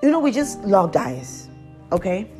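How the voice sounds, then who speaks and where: A woman telling her viewers a confessional story in a chatty, animated way, laughing as she goes. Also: a little slow, soft background music. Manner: laughs often and breaks into high squeals. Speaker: vlogger.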